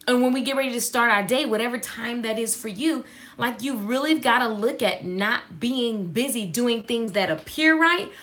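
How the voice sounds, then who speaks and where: A woman giving a casual devotional talk, sassy and animated, calling out to listeners. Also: fairly high pitch. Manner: sassy, animated, call-and-response.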